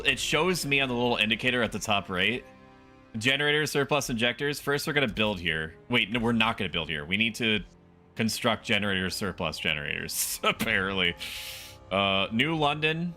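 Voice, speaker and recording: A man's voice: fairly low pitch, expressive, a little fast, bright, forceful tone, soft background music. A man streaming a strategy game, joking with chat while he plays. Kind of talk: casual gaming livestream commentary.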